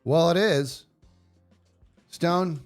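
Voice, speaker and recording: A man streaming a video game live, chatting casually with viewers and yelling playfully at the enemies on screen. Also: a little high, very slow, faint music behind. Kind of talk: casual live gameplay commentary.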